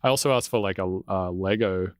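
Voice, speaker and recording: A fairly low-pitched man chats in a loose, rambling podcast style, swearing freely as he tells stories. His voice sits close on a studio mic in a dry, deadened room with almost no reverb. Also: a little fast. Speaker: electronic music producer. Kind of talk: casual podcast conversation.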